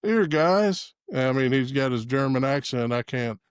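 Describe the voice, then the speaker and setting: A man's voice: medium pitch, level tone, moderate pace, clean tone, no room sound, studio quality. Laid-back man telling a story. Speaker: podcast host. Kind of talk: casual storytelling chat. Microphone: podcast microphone.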